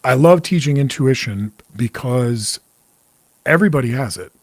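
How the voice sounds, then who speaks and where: A man's voice: medium pitch, expressive, moderate pace, no echo. A man in his forties hosting a casual livestream as a psychic medium, talking candidly, cursing freely and greeting viewers by name. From New York area. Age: 40s.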